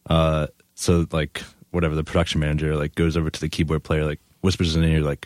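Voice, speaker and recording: Very deep-voiced man telling stories. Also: level tone, fast, darkish tone, dry recording, studio quality. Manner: laid-back storyteller, laughs often, many "like" fillers. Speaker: guest. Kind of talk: casual chat.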